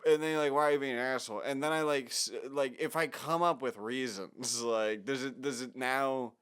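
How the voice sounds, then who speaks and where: A man's voice: medium pitch, steady tone, brisk, fairly bright tone, clean tone. A man co-hosting a podcast in casual chat, rambling with constant fillers and trailing off mid-thought. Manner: rambling, heavy use of "like", trailing off. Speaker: podcast co-host.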